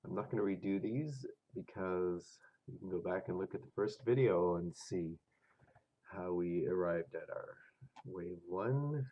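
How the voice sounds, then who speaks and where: A man's voice: low voice, unhurried, highs cut off. A man with a cold and a stuffed-up voice, walking through trading charts in a casual, hesitant way with many fillers. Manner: thinking aloud with hesitant fillers. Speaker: forex trading video host.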